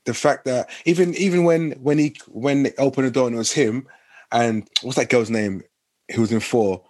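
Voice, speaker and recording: A man's voice: medium pitch, moderate pace, a little mellow. A young man rambling with many fillers in casual podcast chat.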